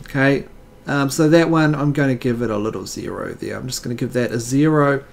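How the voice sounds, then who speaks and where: A man's voice: mid-range voice, brisk, vocal fry. A man hosting a casual video, reading jokes aloud and giving wry, rambling commentary with fillers.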